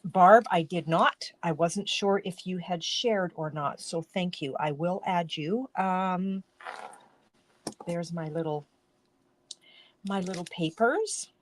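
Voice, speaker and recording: A woman's voice: lowish voice, slow, a little hiss or hum. A woman hosting a casual card-making live stream from her home craft room, chatting in a rambling way and often breaking off mid-sentence. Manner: chatty, rambling, self-interrupting.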